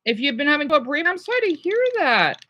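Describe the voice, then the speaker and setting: A woman's voice: sits high, sing-song, very fast, sharp tone. A woman streamer chatting casually over clips, rambling with many restarts.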